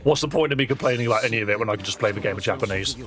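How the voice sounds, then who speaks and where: A man's voice: on the low side, racing. A British man chatting casually and wryly as a live streamer, reacting to a video and laughing often.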